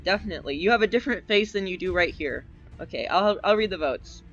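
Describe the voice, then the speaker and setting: Young male gaming creator, high-pitched, excitable let's play commentary, faint game music behind. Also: fast, dull audio. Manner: excitable, yelps and cheers at game events, rambling asides. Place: at a desk at home.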